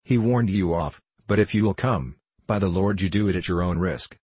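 A man's voice: low voice, normal speed, darkish tone, husky, no room sound. Man voicing a pompous, raging old professor. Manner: pompous, sarcastic, blustering. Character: irascible older male professor, short and powerful. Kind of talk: audiobook character reading.

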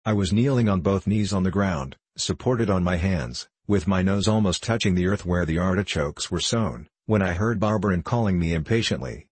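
Deep, husky male storybook narrator. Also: moderate pace, few pauses, darkish tone, dry recording. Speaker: audiobook narrator. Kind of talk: scripted narration.

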